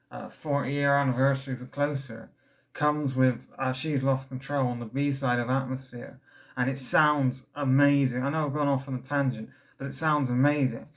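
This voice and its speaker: A young man talks through an album in a casual, rambling way, full of fillers and restarts. He sounds a little out of breath, and his enthusiasm carries through every tangent. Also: medium pitch. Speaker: record reviewer. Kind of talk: casual album review vlog.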